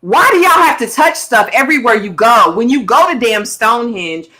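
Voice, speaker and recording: A woman co-hosting a TV review show in casual chat, animated and exclamatory. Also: fairly high pitch, normal speed. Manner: animated and exclamatory, acts out characters' lines.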